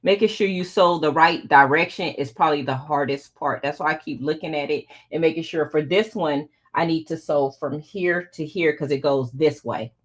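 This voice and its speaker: A woman's voice: deep voice, moderate pace, few pauses. A middle-aged woman hosting a casual live quilting tutorial, chatting with her viewers as she sews. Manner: chatty, talks to viewers while working. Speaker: quilting channel host.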